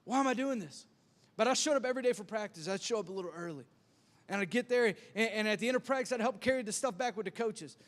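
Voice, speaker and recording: A man's voice: high-pitched, quick pace, big-room sound. A man preaching a sermon as pastor, telling self-deprecating stories with lots of stammered restarts. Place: church sanctuary.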